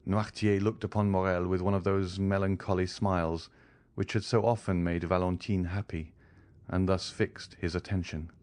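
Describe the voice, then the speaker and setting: Low-voiced man narrating an audiobook. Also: darkish tone, no echo. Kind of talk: audiobook narration of a classic novel.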